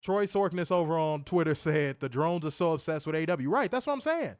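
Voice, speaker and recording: A man's voice: a little high, a little fast, no room sound, clean studio sound. Man talking back to his live chat. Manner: animated, talks back to chat comments. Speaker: wrestling show co-host. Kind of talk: casual live-stream commentary.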